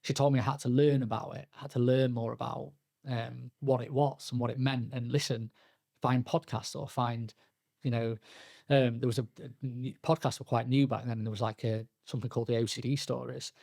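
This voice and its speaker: Gravelly man telling his story. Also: mid-range voice, little pitch movement, darkish tone, no echo, clean studio sound. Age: young adult. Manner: halting, frequent restarts and fillers, quoting himself and others. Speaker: podcast guest. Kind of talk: candid personal storytelling.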